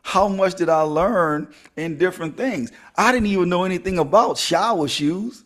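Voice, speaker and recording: A middle-aged man leads a motivational podcast in a high, lively voice. He preaches, then jokes and calls out straight to his listeners. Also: normal speed, hardly any pauses. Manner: animated, preachy, joking with listeners. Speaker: podcast host.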